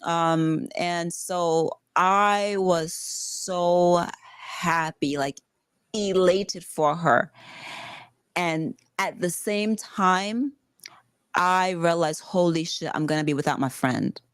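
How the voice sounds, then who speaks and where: A woman from the Bronx, a podcast guest telling a personal story in casual talk, animated and swearing freely. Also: on the low side, slow pace, clean tone, no room sound. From the Bronx, New York.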